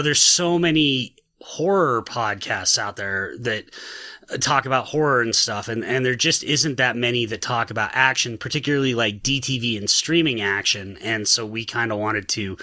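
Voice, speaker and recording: American male guest, bright forward voice, relaxed casual delivery. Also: mid-range voice, normal speed, dry recording. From Utah, USA. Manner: relaxed, laid-back, joking. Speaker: podcast guest. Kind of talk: casual podcast chat. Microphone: video call.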